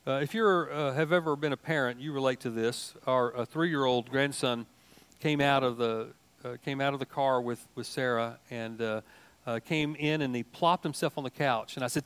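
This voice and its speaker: An older man preaching a sermon in a folksy, animated way, mixing asides and jokes into his teaching. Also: medium pitch, normal speed, smooth. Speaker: pastor.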